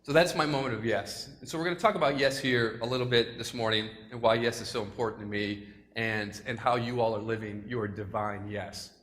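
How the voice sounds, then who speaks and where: A man's voice: mid-range voice, fairly even intonation, brisk, a bit bright. A man giving a casual, joking motivational talk to a school assembly, chatty and self-deprecating, at times choked up. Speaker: speaker addressing a school assembly. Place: large hall with an audience. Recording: long hall reverb, faint room noise.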